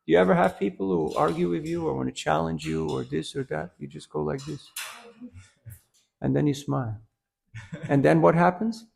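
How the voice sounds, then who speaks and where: Gravelly man giving a lively devotional talk. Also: on the high side, normal speed. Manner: lively storyteller, asks "huh?" often, laughs at own jokes. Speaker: temple lecturer. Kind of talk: devotional class talk with story.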